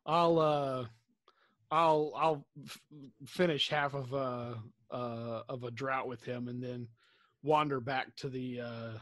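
A man's voice: mid-range voice, fairly even intonation, slow, fairly bright tone, dry recording, studio quality. A man playing a tabletop role-playing game, switching between describing his actions and speaking in character in a genial, coaxing way with old-fashioned phrasing. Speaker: player.

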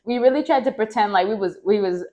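This woman from Mexico talks fast as she hosts a podcast about her own life, with the highs cut off in the recording. She rambles, self-corrects mid-sentence and fills with "like," making quoted voices louder and higher.

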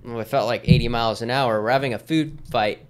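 A man's voice: mid-range voice, fairly even intonation, quick pace, a little hiss or hum. A man in his thirties, a podcast guest, telling stories in an easygoing, rambling way with lots of fillers. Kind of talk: casual storytelling in conversation.

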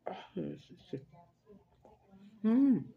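A woman vlogs a mukbang, rambling through stories between bites with Spanish sprinkled in and frequent laughter. Her mid-range voice is very animated yet slow, with vocal fry, and it sounds phone-quality.

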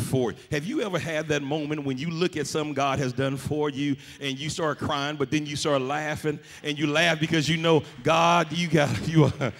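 High gravelly man. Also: steady tone, moderate pace. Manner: preaching with rising shouts and rhythmic "uh" cadence. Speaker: pastor. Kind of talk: sermon.

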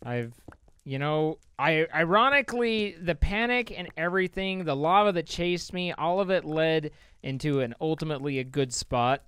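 A game host chatting live through gameplay, excitable and shrieking whenever in danger. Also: medium pitch, normal speed, clear, resonant tone, dry recording, clean studio sound. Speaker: channel host and player.

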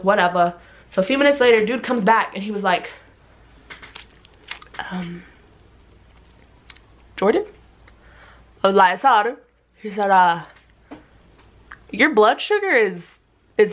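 A young woman vlogger telling a story in a casual, animated way, acting out everyone in it with big jumps in her voice. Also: mid-range voice.

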